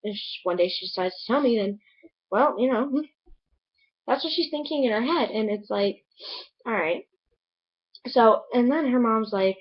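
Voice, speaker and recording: A woman's voice: on the high side, lively intonation, normal speed, long pauses, husky, muffled recording. A young woman in a casual book review vlog, chattily retelling a plot with lots of "like". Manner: gushing, chatty retelling with many "like"s.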